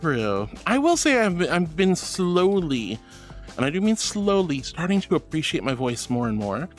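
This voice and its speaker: A man's voice: on the high side, big pitch swings, moderate pace, faint music behind. A bubbly, affectionate man streaming and chatting casually as he reads out viewer messages. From Florida. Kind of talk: casual chat reading messages.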